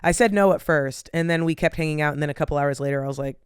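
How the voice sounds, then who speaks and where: Young woman podcast host, tired and yawning, loose rambling chat; very smooth, resonant tone, dry close sound. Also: low voice, quick pace, no room sound. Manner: rambling, lots of "like" and "um". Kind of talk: casual solo chat.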